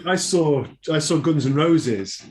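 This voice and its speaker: A man, guest drummer, telling relaxed backstage anecdotes. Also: fairly high pitch, measured pace. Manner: laid-back anecdotal storyteller. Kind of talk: casual chat.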